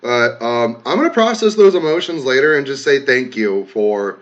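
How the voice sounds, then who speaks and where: A man casually talking to his viewers, reading comments aloud, emotional and swearing freely, swinging from loud outbursts to soft, quiet thanks. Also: mid-range voice, expressive, moderate pace, hardly any pauses, muffled recording. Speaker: content creator reading comments.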